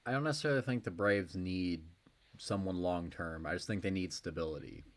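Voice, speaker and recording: A man's voice: low voice, brisk. A man co-hosting a sports podcast, chatting casually with a dry, wry humor and loose, rambling phrasing. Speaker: podcast co-host.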